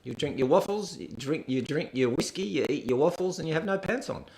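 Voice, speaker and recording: A man's voice: a little high, lively intonation, fairly quick, vocal fry, darkish tone. A man with an Australian accent hosting a rambling, irreverent reaction stream. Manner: rambling, irreverent, laughing asides. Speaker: host.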